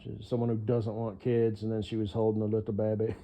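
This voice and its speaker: A man with a fairly low, monotone voice rambles a little fast with hardly any pauses, swearing freely and filling his one-sided monologue with hesitations. The audio is lo-fi.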